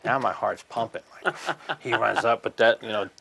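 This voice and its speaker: Gravelly low-voiced male TV co-host. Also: pushed and bright. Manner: chatty, tells quick stories. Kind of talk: casual sports chat. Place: local cable TV studio.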